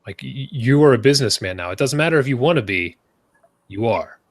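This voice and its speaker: A man hosting a casual podcast chat, joking and self-mocking, jumping up in pitch when he asks questions. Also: lively intonation, a little fast. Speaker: podcast host.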